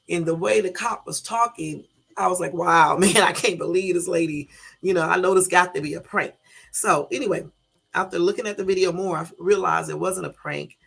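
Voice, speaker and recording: A woman's voice: deep voice, creaky, slightly rough. A woman with a Southern US accent hosting a casual early-morning live stream, chatty and loose, in a groggy morning voice. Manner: chatty, loose, talks to chat viewers. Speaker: YouTube live host.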